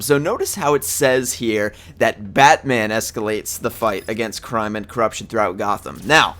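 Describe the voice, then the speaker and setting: A man's voice: fairly low pitch, moderate pace, few pauses, fairly bright tone. A young man hosting a casual games news video, groggy from just waking up, thinking aloud and correcting himself as he goes. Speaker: gaming news video host.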